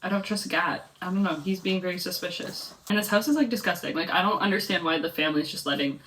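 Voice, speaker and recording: Young woman vlogger, lowish voice, loose chatty rambling, mic set back a little. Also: fast talker, fairly bright tone, a little hiss or hum. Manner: chatty, rambling, many "like" fillers. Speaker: book vlogger. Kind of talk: casual reading vlog chat. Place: home, reading in bed or on couch. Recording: voice a bit far from the mic.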